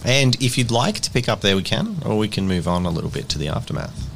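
A man's voice: fairly low pitch, big pitch swings, quick pace, creaky, a bit bright, slight background noise. A man narrating as game master of a streamed tabletop game, recapping the story in a chatty, joking way.

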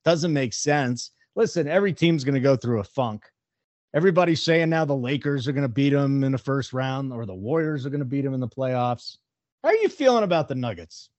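A man hosting a casual sports talk show, opinionated and brisk as he weighs odds and teams. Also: medium pitch, animated, a little mellow, no room sound. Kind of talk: casual sports radio chat.

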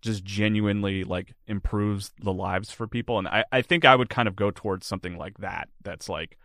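A man's voice: lowish voice, moderate pace, fairly bright tone, dry recording, clean studio sound. A man chatting casually as an interview guest, rambling and filling his answers with "like". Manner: rambling, heavy use of "like" fillers. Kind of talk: casual chat.

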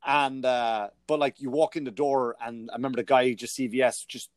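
A male comedian hosting a podcast, telling profane, animated stories in casual chat. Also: mid-range voice, a little fast, dry recording.

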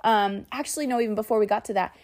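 A woman, hosting a podcast and telling a personal story in an animated way, often laughing and saying "y'all". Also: medium pitch, quick pace. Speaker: podcast host.

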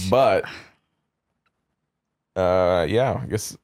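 A man's voice: low-pitched, a little mellow. A man chatting and laughing with friends on a podcast. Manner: laid-back, laughing. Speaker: podcast co-host. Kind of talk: casual group game chat.

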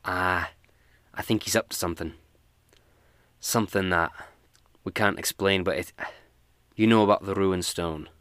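A man's voice: low-pitched, steady tone, normal speed, pauses often, a bit bright, smooth, no room sound. A man voicing a suspicious female dwarf builder, speaking hesitantly. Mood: worried.

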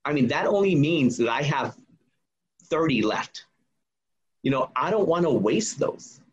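A man's voice: a little high, expressive, unhurried, slightly rough, highs cut off. A man in his forties, a memoir author, telling his story earnestly and emphatically as a podcast guest. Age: 40s. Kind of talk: casual podcast conversation.

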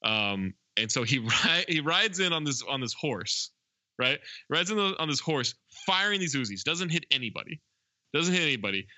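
A man's voice: fairly high pitch, very animated, normal speed, pushed and bright, no echo, highs cut off. A man co-hosting a podcast, casually retelling a movie scene by scene with lots of ums and uhs. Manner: rambling scene-by-scene retelling with many fillers. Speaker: podcast co-host. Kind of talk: casual movie recap chat.

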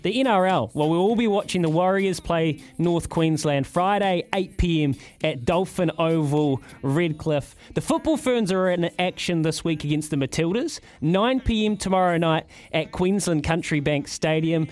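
A man's voice: a little high, normal speed, hardly any pauses. Upbeat New Zealand man reading sports fixtures. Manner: energetic, punchy listing of fixtures. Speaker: radio co-host, sports segment. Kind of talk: upbeat sponsored sports rundown. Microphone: studio microphone.

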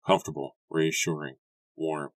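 Very deep-voiced male audiobook narrator. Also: steady tone, moderate pace, no room sound. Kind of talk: scripted narration.

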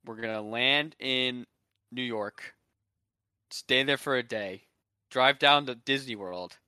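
A man's voice: medium pitch, slow pace, sharp tone, clean tone, no echo. A young man hosting a podcast, ranting sarcastically in casual chat. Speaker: podcast host.

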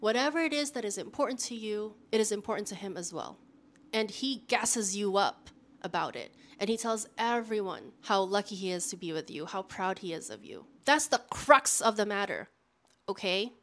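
A woman hosts a dating-advice vlog and delivers it like a casual lecture. Her voice sits at an ordinary middle pitch. She is sassy and direct, coaching her viewers with confidence. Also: animated, moderate pace, fairly bright tone.

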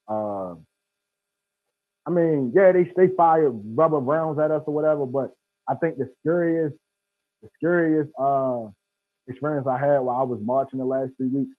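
Guy calling in, husky voice, slangy story, tinny phone sound. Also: medium pitch, no room sound. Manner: emphatic, street-slang storytelling. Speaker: guest. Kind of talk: casual storytelling.

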